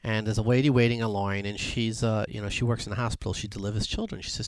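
A rabbi delivering a sermon in an animated storytelling way, changing his voice as he acts out the people in his anecdotes. His voice sits in a middle range for a man. The recording is dry and close. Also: medium pitch, fast talker, hardly any pauses, no echo. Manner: animated storyteller, lively voice shifts.

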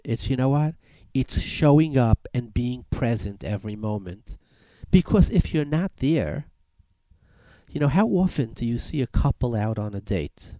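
Animated male preacher telling a fable. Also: medium pitch, measured pace, no echo. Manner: animated, with sweeping emphatic rises. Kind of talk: sermon with storytelling.

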